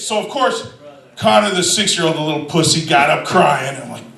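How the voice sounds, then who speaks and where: A man doing a stand-up comedy set, telling a profane story with shouted quotes, animated and loud. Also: high-pitched, brisk, vocal fry, reverberant, distant mic, low-quality recording.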